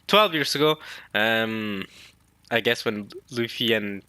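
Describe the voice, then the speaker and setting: Bright, chatty man reacting to comics. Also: fairly low pitch, takes it slowly, clean tone, no echo. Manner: rambling and chatty. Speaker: manga reaction host. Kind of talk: casual reaction commentary.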